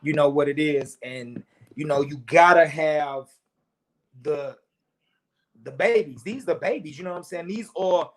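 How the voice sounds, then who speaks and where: A man's voice: on the high side, moderate pace. A man from St. Louis talking casually about his sneakers, rambling and leaning on "you know what I'm saying". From St. Louis, USA. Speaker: sneaker battle contestant. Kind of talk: casual chat.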